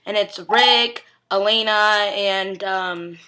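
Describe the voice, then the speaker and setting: A young woman talks casually on her vlog, recapping an episode in a rambling, gushing way full of "like" fillers. Her voice has a bright, sharp edge, and her pitch sits in the middle. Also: fairly even intonation, slow pace. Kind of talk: casual chat.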